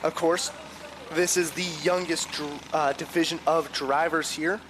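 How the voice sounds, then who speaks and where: A man doing live play-by-play commentary, rattling off a long starting lineup and calling the action. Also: a little high. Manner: rapid lineup roll call, then excited calls. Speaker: race commentator. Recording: noisy trackside broadcast with engine noise.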